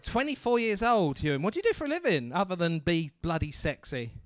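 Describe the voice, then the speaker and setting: A man's voice: sits high, big pitch swings, a little fast. A man working as a comedy club MC, doing brash, teasing crowd work on stage and swearing freely into a handheld mic.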